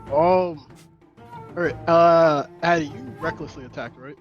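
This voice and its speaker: High-voiced man playing a tabletop game. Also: steady tone, unhurried, lo-fi sound, faint music behind. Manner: hesitant, thinking out loud. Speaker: player.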